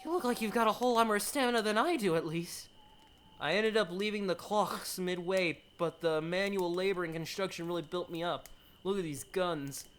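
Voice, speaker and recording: A man's voice: high-pitched, normal speed, fairly bright tone, a little hiss or hum. A man reading a visual novel aloud, voicing a humble young male laborer who sounds easygoing. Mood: modest.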